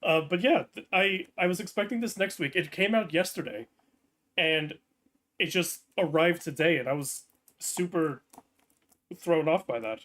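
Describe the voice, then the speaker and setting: A man's voice: a little high, normal speed, fairly bright tone. A man chatting casually on a live stream, hesitant with frequent ums and restarts.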